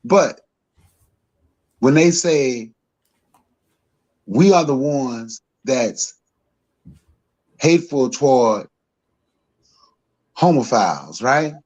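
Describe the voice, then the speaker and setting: A man, co-hosting a podcast and giving his opinions emphatically, repeating himself and climbing higher as he gets worked up. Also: animated, very slow, long pauses, darkish tone. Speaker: podcast co-host. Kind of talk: heated opinion talk.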